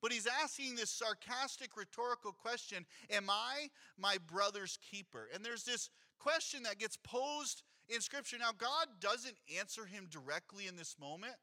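A man's voice: very high voice, animated, normal speed, few pauses, bright, forceful tone. A man, a pastor, preaching a sermon in a conversational way, reading scripture aloud and adding rhetorical asides to his congregation.

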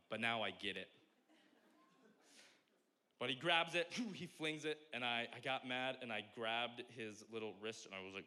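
A young man preaching a sermon as pastor, joking and animated, swinging from loud exclamations to quiet asides. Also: fairly low pitch, a little fast.

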